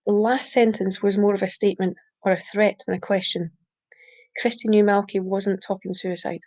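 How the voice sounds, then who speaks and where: A woman reading a short story aloud, steady, with small slips she corrects. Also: medium pitch, normal speed. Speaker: reader. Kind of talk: audiobook reading.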